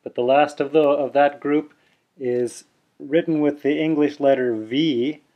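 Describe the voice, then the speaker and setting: A man's voice: a little high, fairly even intonation, a little slow. A man teaching a pronunciation lesson on video, patiently explaining and demonstrating sounds aloud, sometimes correcting himself in a casual way. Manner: self-correcting, casually chatty. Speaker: language teacher. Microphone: camera mic, seen on video. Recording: dull lo-fi video audio.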